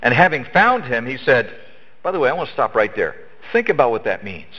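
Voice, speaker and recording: Husky man teaching Bible study. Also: medium pitch, sing-song, a little fast. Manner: earnest, emphatic explaining with frequent restarts. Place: church hall. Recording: echoey church hall, dull lo-fi sound.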